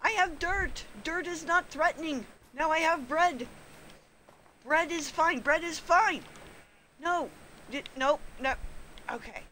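A woman's voice: very high-pitched, slow, sharp tone, a little hiss or hum. A woman streaming a game live, talking to herself and to the creatures on screen, often panicking and pleading with them. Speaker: gaming streamer.

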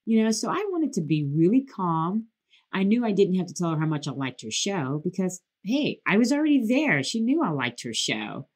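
A woman from Detroit who hosts a podcast, telling a casual story and acting out quotes in a lively voice. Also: moderate pace. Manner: animated, acts out quotes in a lively higher voice. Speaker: podcast host.

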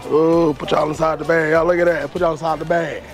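A man with a hoarse, worn-out voice chatting casually to his viewers, with loose, slangy talk that repeats itself. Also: a little high, little pitch movement, a little fast. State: hoarse, voice mostly gone. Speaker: vlogger. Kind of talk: casual travel vlog talk. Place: outdoors at a cruise port and ship pool area. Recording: music playing loudly behind.

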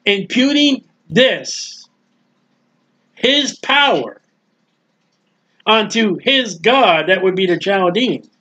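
High-voiced, animated joking preacher. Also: male voice, drawn-out words, long pauses. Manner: animated, jokey, acts out scenes. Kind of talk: sermon. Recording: dull lo-fi sound.

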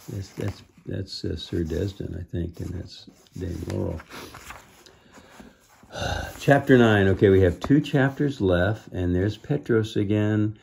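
A man reading a children's book aloud, pausing to explain the story in asides. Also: deep voice, gravelly, a little hiss or hum. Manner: unhurried, mellow, adds explaining asides.

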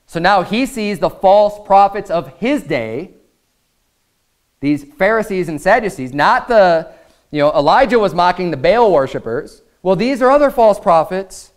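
An American man delivering a sermon in a clear, resonant voice pitched a little high. He reads scripture aloud and builds in intensity as he preaches. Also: animated, moderate pace. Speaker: pastor.

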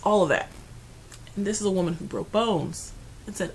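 In her apartment, a grieving beauty vlogger talks casually to the camera, rambling, restarting often and swinging between quiet and loud. Her medium-pitched voice has vocal fry and normal speed, and the poor audio carries slight background noise.

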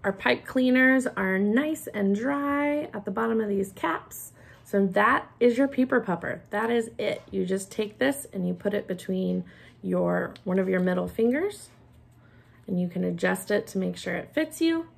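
A woman teacher giving a gentle, hands-on craft lesson for young children while she demonstrates each step. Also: medium pitch, lively intonation, unhurried, gravelly, husky.

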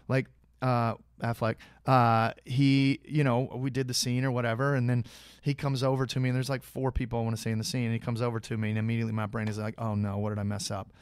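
Man, podcast guest, casual storytelling, filler-heavy restarts, middle pitch, dry recording. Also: quick pace, smooth, dry recording. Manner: animated anecdotes, many fillers and restarts. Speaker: guest actor.

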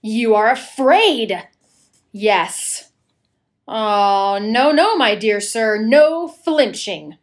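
An actor in a community audio play playing a proud widow, haughty and cutting, then wavering. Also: female voice, on the high side, expressive, drawn-out words, heavily acted. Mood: scornful. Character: proud young widow, scornful and fiery. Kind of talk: amateur radio play acting.

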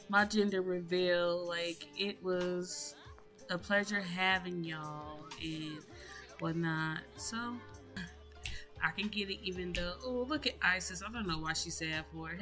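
A woman's voice: lowish voice, steady tone, takes it slowly, sharp tone. A woman giving casual, chatty gameplay commentary in slangy speech, addressing her viewers directly. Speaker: gaming YouTuber. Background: music.

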